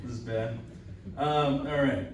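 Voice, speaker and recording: A man's voice: medium pitch, fairly even intonation, slow pace. A young man doing a stand-up comedy set at a live show, rambling, crude and self-deprecating. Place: upstairs room of a cider house at a live show. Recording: very echoey room, voice from far off, faint room noise.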